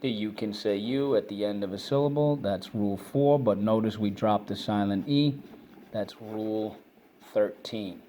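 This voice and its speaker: There's a little hiss or hum on this clip of a man whose voice is fairly low and dark. He's teaching children phonics and vocabulary online, briskly repeating words, prompting responses, and offering praise for the answers.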